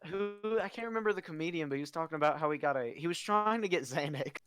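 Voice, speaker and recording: A man's voice: fairly high pitch, lively intonation, fast talker, a bit bright, clear, resonant tone, no echo, faint music behind. A young man co-hosting a casual late-night podcast, rambling through stories with lots of fillers and laughing often. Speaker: podcast co-host.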